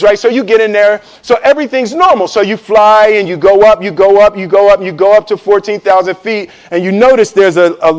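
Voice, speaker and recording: A man's voice: high voice, a little fast, few pauses. A man telling a comic story to a live audience, acting out voices and laughing as he goes. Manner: animated, acts out voices, laughs while telling. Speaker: storyteller on stage.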